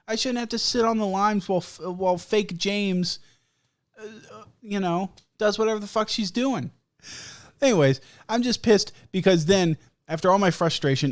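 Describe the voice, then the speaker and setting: A man's voice: high voice, no room sound, studio quality. Profane ranting young man. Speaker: podcast host. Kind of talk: casual chat.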